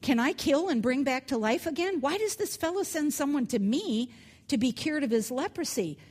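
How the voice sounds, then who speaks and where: A woman's voice: high voice, lively intonation, normal speed, darkish tone, voice pushed up. A woman reading as an indignant ancient king. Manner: indignant questioning. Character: angry distressed ancient king, man.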